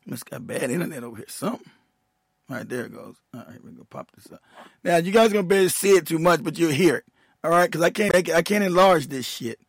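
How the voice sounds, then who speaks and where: Male host for a profane stream rant. Heated, laughs a lot, high for a man, dry sound. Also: expressive, quick pace, vocal fry, dry recording. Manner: heated, profane, laughing often, trailing off while fiddling with his computer. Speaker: show host, military veteran.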